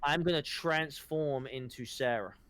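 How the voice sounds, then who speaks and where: A man's voice: a little high, measured pace, over a noisy crowd. A man as a player in a tabletop game, playful and joking. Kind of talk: tabletop role-play.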